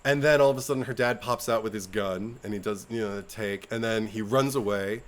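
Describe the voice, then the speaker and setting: A man's voice: fairly low pitch, a little fast. A man on a podcast, chatting casually and acting out film lines in exaggerated voices. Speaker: podcast co-host. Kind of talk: casual chat.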